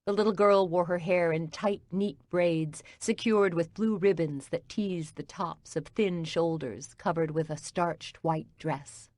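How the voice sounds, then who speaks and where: Low-voiced woman reading an audiobook. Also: a little slow, hardly any pauses, a little mellow, no echo. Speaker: audiobook narrator. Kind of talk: scripted audiobook narration.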